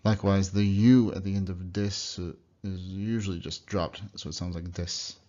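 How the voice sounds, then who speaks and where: A young man giving a recorded slide lesson, explaining sounds and repeating example words slowly. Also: low voice, steady tone, dark tone. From United States. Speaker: language teacher. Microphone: computer mic. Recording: dull lo-fi computer recording.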